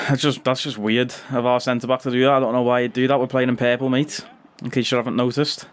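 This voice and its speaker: A man giving chatty gameplay commentary as a gaming YouTuber, bursting into loud cheers on goals. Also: medium pitch, level tone, brisk.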